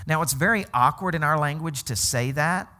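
A man's voice: a little high, normal speed, sharp tone. A man from Arkansas preaching a sermon as pastor, in a conversational way, often checking in with "okay?" and laughing as he teaches.

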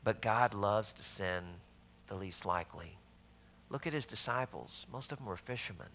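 Gravelly-voiced man preaching with bursts of emphasis. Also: lowish voice, expressive, normal speed, a little hiss or hum. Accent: Southern US. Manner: storytelling, shifts between loud emphasis and hushed asides. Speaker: pastor. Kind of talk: sermon.

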